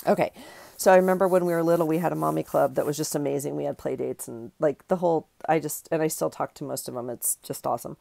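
A woman's voice: low voice, steady tone, fast, vocal fry, warm tone, no room sound. A middle-aged woman hosting a craft video, chatting in a rambling, giggly way and correcting herself as she works. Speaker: craft channel host. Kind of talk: casual chat while crafting.

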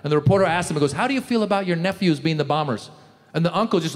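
A man doing a stand-up comedy set, animated, breaking into loud shouted character voices. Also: a little high, rapid-fire. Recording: reverberant hall, faint room noise.

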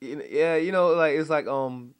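A man's voice: on the high side, moderate pace, clean tone. A man hosting a casual chat, adding brief encouraging interjections. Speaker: host. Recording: tinny phone-like sound.

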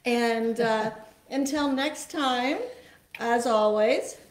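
A woman's voice: a little high, extremely slow. A woman hosting a casual live cooking chat in her home kitchen, chatty and bubbly. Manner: chatty, bubbly, laughs often. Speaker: host. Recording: echoey kitchen.

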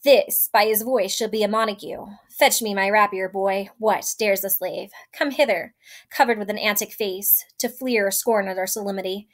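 Angry young swordsman read by a woman, slightly lowered voice, slow reading. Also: steady tone, close to an everyday voice. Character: hot-tempered young male swordsman, hostile.

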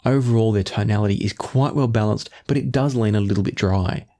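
A man reviewing earphones in measured talk, often qualifying his claims. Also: fairly low pitch, mellow. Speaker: audio gear reviewer.

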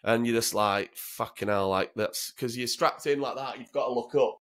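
A man's voice: medium pitch, normal speed, fairly bright tone. British ex-serviceman, 30s, casual storyteller, plain mid voice, swears freely, laughs through it. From Britain. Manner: blunt, sweary, laughs through his stories. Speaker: guest, former soldier.

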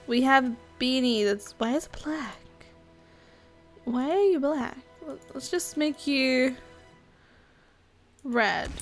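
A young woman with a high voice chats her way through a video game, excitable and quick to squeal at every surprise. Faint game music plays under her commentary. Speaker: gaming YouTuber. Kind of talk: casual gameplay commentary.

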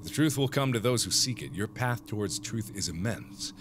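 A man's voice: fairly low pitch, animated, normal speed, background noise, lightly acted. A man doing solemn glowing fairy beings. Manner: solemn, grandiose pronouncements.

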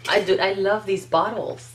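A woman vlogger chatting casually as she unboxes nail polish, gushing and excitable, talking straight to her viewers. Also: medium pitch, noisy background.

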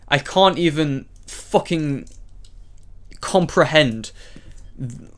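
Male vlogger, mid-range pitch, angry direct-address monologue full of profanity and repeated insults. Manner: furious, profane, repetitive insults with brief apologetic asides. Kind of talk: angry ranting monologue addressed to one person.

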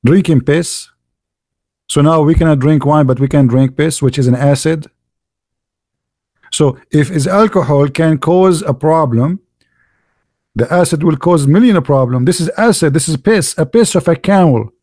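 In clean studio audio with no room sound, a male channel host mocks his targets through a polemical monologue at normal speed. His voice is on the high side and darkish in tone, and he leans on rhetorical questions and repeated words for emphasis.

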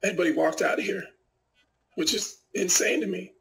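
A middle-aged fighter talks through a story in a loose, rambling way, packing in fillers as he goes. His voice is gravelly and sits a little high for a man. The room around him is noticeably echoey. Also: moderate pace, a bit bright. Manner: rambling, many fillers like "like" and "you know". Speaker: professional fighter and fight analyst. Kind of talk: casual interview storytelling.

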